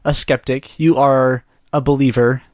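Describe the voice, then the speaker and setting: A man's voice: medium pitch, little pitch movement, a little slow, no room sound, clean studio sound. A man co-hosting a comedy podcast, chatting casually and steering the topic with jokes. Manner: jokey, leads the topic. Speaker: podcast co-host. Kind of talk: casual chat.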